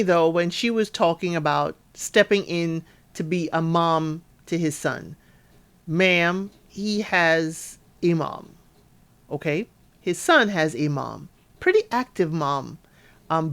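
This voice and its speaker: A woman's voice: fairly low pitch, animated, slow, a bit bright. Sassy chatty woman with a drawl. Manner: chatty, sassy, talks straight to listeners. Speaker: podcast host reviewing a reality show. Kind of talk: casual recap commentary.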